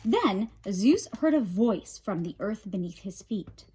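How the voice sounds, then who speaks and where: A woman librarian reading a picture book aloud with expressive, dramatic narration. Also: medium pitch, takes it slowly, slight background noise. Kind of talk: storybook read-aloud.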